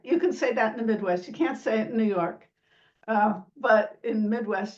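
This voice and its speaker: A woman's voice: a little high, animated, moderate pace, recorded from a distance. Woman academic guest, explanatory, demonstrates sounds; dull lo-fi line. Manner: imitates vowel sounds, laughs lightly. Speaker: sociolinguist guest. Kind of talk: explanatory interview talk.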